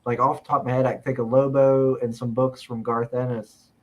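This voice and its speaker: Man from the South, casual guest, rambling with fillers, mid-pitched. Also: flat delivery, brisk, dull audio. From American South. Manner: rambling, lots of filler words. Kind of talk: casual chat.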